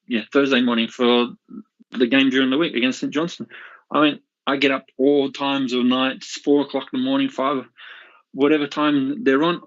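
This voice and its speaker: A man's voice: mid-range voice, a bit bright. A man calling in to a radio phone-in, reminiscing in a rambling way with many restarts over dull lo-fi audio. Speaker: caller. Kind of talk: casual chat.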